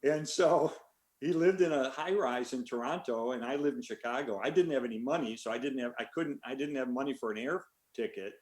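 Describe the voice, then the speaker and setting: An older man, an author, answering a question in a relaxed story full of fillers over a video call. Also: mid-range voice, brisk, echoey room. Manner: relaxed, rambling with many fillers. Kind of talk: conversational storytelling.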